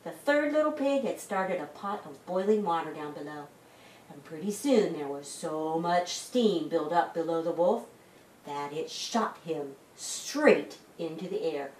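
A woman librarian reading a story to children in a lively sing-song way. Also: low voice, a little slow, a little hiss or hum. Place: library room. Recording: echoey room, mic at a distance.

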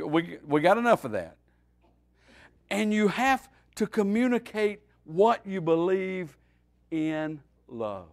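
A pastor teaching a midweek Bible study, his voice sitting a little high for a man. He preaches in a folksy, animated way, pushing loud on his points and dropping to a near murmur between them. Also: gravelly. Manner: folksy, animated preaching with wide swings in loudness.

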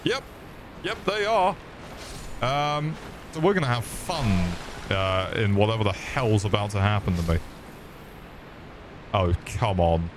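A man's voice: lowish voice, lively intonation, a little slow, long pauses, noisy background. A man streaming a game, swearing often and joking with his chat. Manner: swearing, joking, chatting to viewers. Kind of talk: casual gaming commentary.

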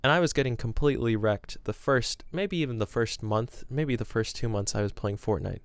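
Speaking to his camera against a green screen, a young gaming vlogger rambles casually and pokes fun at himself as he tells stories. His mid-range voice is smooth, clear and brisk, and the sound is dry and close with no room echo.

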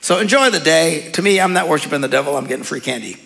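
A man preaching in a church hall, his voice gravelly with a slightly high pitch. He talks casually and jokes with frequent chuckles, and the sound carries a long hall reverb. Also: expressive, fast talker, a bit bright. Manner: casual, joking, laughs often. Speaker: pastor. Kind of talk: sermon.

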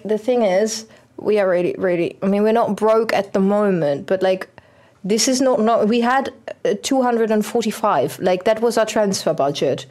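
A young woman, streaming a football manager game and chatting excitedly at it. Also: mid-range voice. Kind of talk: casual game commentary.

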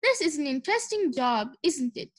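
A cheerful, easygoing firefighter with a light, fairly high voice, as a woman reads him aloud. He talks plainly in this storybook reading. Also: very animated, moderate pace. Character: friendly man firefighter.

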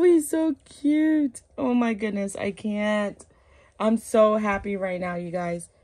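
A woman with a slightly high, mellow voice vlogs casually at home while bathing her reborn dolls. She gushes and coos over them, repeating "oh my goodness" again and again.

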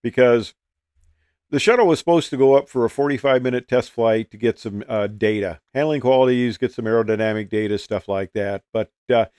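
A man's voice: medium pitch, fairly quick, darkish tone, clear, resonant tone, no room sound, clean studio sound. An older man and retired pilot telling a casual, folksy story, with many fillers and restarts.

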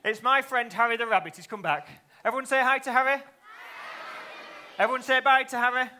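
A man's voice: extremely high pitch, a little fast, pushed and bright, a faint crowd, slight background noise. A man performing a live children's magic show, teasing and playful, constantly asking the young audience questions. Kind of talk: live kids' show patter.

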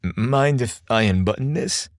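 A man's voice: medium pitch, big pitch swings, slow, no room sound, studio quality. A man voicing a young male skater in a story reading, sweet and a little nervous.

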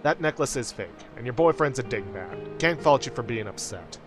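A man's voice: mid-range voice, animated, moderate pace, over music, lightly acted. A man voicing a brash gangster who talks bluntly in a streetwise way, reading game lines aloud. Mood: lecturing.

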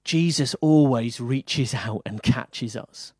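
A man with an English accent preaching a sermon, earnest, moving between firm emphasis and soft quiet lines. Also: medium pitch, slow pace, husky, dry recording. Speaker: pastor.

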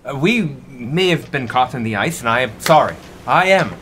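A man voicing an excitable older ship captain who stammers eagerly and pushes his crew along. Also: medium pitch, normal speed, slight background noise, voice pushed up, natural voice.

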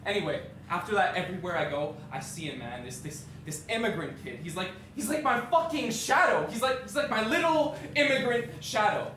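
A man's voice: sits high, expressive, a little fast, hardly any pauses, slight background noise. A man playing a brash streetwise young guy. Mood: swaggering. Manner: streetwise slangy storytelling, shouting bursts. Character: brash young Canadian man telling of a half-brother. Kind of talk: stage monologue. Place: theatre stage. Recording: echoey stage from far off.

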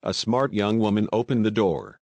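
Low-voiced man narrating an audiobook. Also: animated, normal speed, creaky, darkish tone, dry recording. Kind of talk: scripted narration.

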